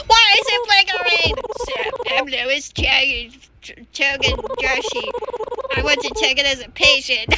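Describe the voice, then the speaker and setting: A young woman commenting as she plays a video game, excitable and panicky and full of nervous filler sounds. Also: very high voice, noisy background. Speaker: gamer playing a video game. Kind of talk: gameplay commentary. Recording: game music playing clearly behind.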